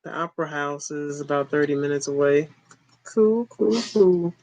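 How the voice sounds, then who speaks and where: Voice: medium pitch, moderate pace, darkish tone, no room sound, low-quality recording. A host in their forties chatting casually on a livestream, laid-back and chuckling, repeating short replies. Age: 40s.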